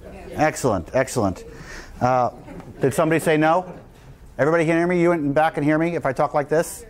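Man, guest speaker, emphatic lecture, lively delivery, lecture room, live audience. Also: on the high side, fast. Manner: emphatic, energetic speechmaking. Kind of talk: public lecture.

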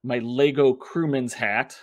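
A middle-aged man co-hosting a casual podcast chat, animated and teasing. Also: mid-range voice, slow, no echo, clean studio sound. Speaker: podcast co-host.

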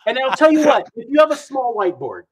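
A man talking about money and markets as a podcast guest in a rambling, animated way, acting out what other people say. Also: very high voice, fast talker, slightly rough. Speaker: guest investor commentator. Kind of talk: casual podcast chat.

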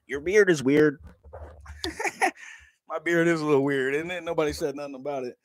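A man's voice: a little high, lively intonation, a little slow. A man, chatting casually on a livestream, joking, laughing often and swearing freely. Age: 30s. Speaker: livestream vlogger.

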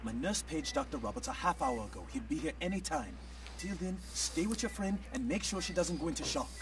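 Stern, harried ER doctor. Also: male voice, on the high side, big pitch swings, distant mic, faint music behind. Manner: brisk, officious, rushed. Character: harried, stern male ER physician. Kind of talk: video game voice acting.

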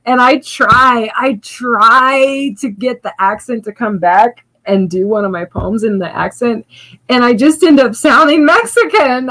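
A woman from Louisiana, a spoken-word poet, rambling warmly through a casual livestream sign-off with frequent restarts and laughter. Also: a little high, a little slow, poor audio. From Louisiana, US South.

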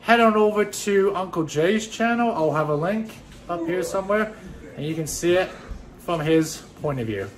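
A woman filming a home vlog as a parent, exasperated and yelling at her kids to stop. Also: on the low side, animated, normal speed. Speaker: parent vlogger. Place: home bathroom. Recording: loud background noise.

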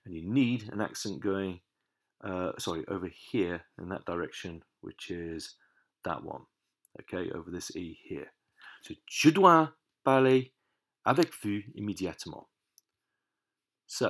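A man teaching a language lesson over his screen, explaining each step patiently and stressing key words, sometimes muttering to himself while he fixes the software. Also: deep voice.

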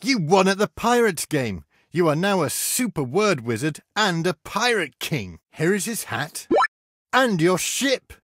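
A man's voice: high voice, big pitch swings, a little slow, hardly any pauses, fairly bright tone, dry recording. A man narrating a children's educational game in a cheerful, encouraging way, speaking to the child. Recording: noisy game audio.

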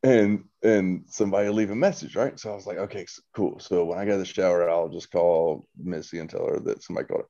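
A man's voice: low voice, steady tone, quick pace, few pauses, dark tone, muffled recording. A man casually telling a long ghost story to his brother, full of restarts, swearing and quoted dialogue. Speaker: podcast guest, host's brother.

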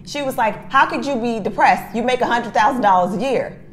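A woman co-hosting a casual podcast chat, retelling a story with lively back-and-forth voices for each person. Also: a little high, fairly quick, a crowd in the background. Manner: animated storyteller who acts out both sides of a text exchange. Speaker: podcast co-host.

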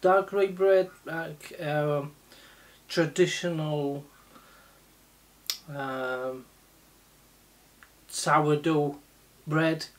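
Slow, halting low-voiced woman reviewing beer. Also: steady tone. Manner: slow, halting, many fillers. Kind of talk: casual beer tasting review.

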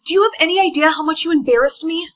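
A woman's voice: high voice, fairly quick, a bit bright, poor audio. A woman playing a sassy, feisty young woman in a TikTok POV skit, with snappy, sarcastic comebacks. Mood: indignant.

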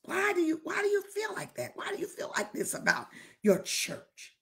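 High, lively-voiced woman preaching. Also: normal speed, vocal fry. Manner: fervent, fires rhetorical questions, calls out to listeners. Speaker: bishop preaching. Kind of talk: sermon.

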